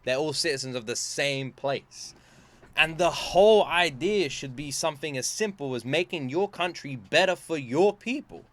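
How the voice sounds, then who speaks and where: A man's voice: on the high side, lively intonation, moderate pace. A British man giving casual reaction commentary as a video host, earnest and rambling, with many fillers and restarts. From Britain.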